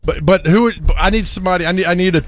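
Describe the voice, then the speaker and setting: A male sports radio host talks with his studio crew in easy banter, laughing and joking between topics. His voice sits a touch high, and the sound is dry and close on a studio microphone. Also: rapid-fire, no echo. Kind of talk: casual sports radio chat.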